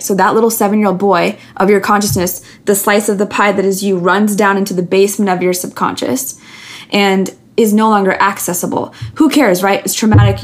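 A woman, a podcast guest, talking candidly and earnestly, telling personal stories with many restarts and fillers. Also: mid-range voice.

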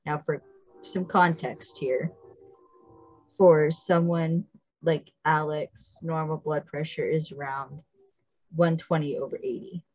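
Husky low-voiced woman recapping a show. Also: steady tone, takes it slowly, a little mellow, no room sound, dull audio. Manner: chatty, explains details with asides. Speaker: podcast host. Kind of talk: casual recap chat.

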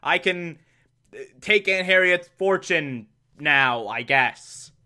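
A man doing a flat, offhand male schemer. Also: fairly high pitch, takes it slowly, exaggerated voice. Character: deadpan male schemer shrugging off a fortune.

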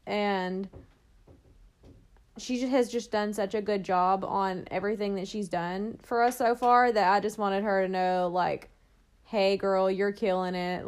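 A young woman co-hosting a podcast, chatting casually and telling stories with lots of "like". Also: mid-range voice. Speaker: podcast co-host. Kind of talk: casual chat.

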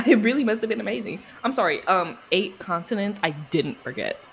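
A woman co-hosting a casual podcast, playful and teasing as she jumps from one topic to the next. Her voice sits at an ordinary middle pitch. A faint hiss of noise runs under the recording. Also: sing-song, a little fast, vocal fry, a bit bright. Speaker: podcast co-host. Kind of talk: casual chat.

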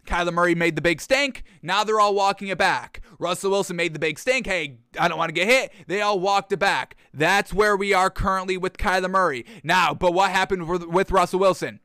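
A man's voice: high-pitched, a little fast, few pauses, sharp tone, clear, resonant tone, no room sound, studio quality. A man hosting a solo sports commentary show, talking casually to his listeners and mocking teams with sarcastic put-on quotes. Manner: conversational, addresses listeners as folks and y'all.

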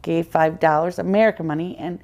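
A woman's voice: on the low side, fairly even intonation, fairly quick, a little mellow, highs cut off. A woman guest on a podcast, earnestly telling her personal faith story in conversation and acting out the dialogue she quotes.

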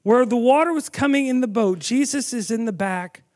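A man with a very high voice preaches at a normal speed, bringing the story to life and questioning the audience as he goes.

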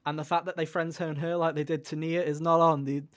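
A man co-hosting a casual video game podcast, excitable and swearing freely, repeating himself as he talks. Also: on the high side, a little fast, no echo. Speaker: podcast co-host and game reviewer. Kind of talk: casual spoiler chat.

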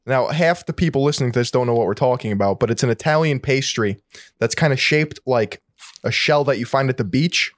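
A man's voice: medium pitch, brisk, no room sound, studio quality. A man co-hosting a podcast, telling stories casually with swearing and laughter. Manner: profane, laughing, storytelling. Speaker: podcast co-host. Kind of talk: casual banter.

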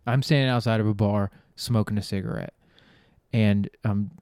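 Smooth-voiced man telling rambling stories. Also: on the low side, fairly even intonation, normal speed, a little mellow, no echo, studio quality. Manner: rambling, profane, trails off and restarts; laughs at his own jokes. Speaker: podcast host. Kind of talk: casual comedic storytelling.

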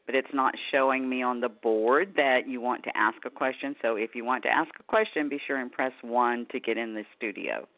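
A man, producer of a call-in radio show, briskly telling listeners how to join the queue. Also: mid-range voice. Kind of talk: on-air announcement. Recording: dry phone-like line.

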